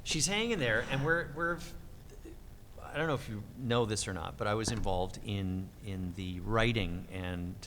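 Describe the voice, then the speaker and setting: Animated middle-aged male voice actor. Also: normal speed, big-room sound, slight background noise. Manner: animated, lively pitch swings, acts out quotes. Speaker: voice actor guest. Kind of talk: convention interview storytelling.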